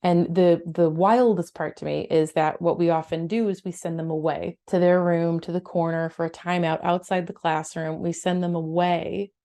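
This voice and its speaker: Mellow-voiced Australian woman therapist. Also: lowish voice, normal speed, few pauses. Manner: animated, acts out parent and child voices. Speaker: psychotherapist. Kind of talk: parenting advice talk.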